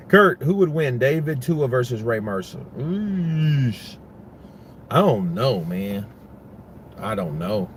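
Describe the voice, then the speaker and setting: A man's voice: mid-range voice, sing-song, very slow, long pauses, a little hiss or hum. A man giving casual, rambling boxing commentary, full of profanity and restarts.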